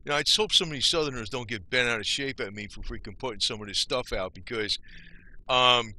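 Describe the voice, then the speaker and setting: A man's voice: medium pitch, big pitch swings, brisk, pushed and bright, dry recording. An older man from New Jersey, talking to the camera in a loose, rambling rant full of "you know.". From Northeast New Jersey. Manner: rambling, folksy, swears mildly, asks "you know?" often. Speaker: vlogger.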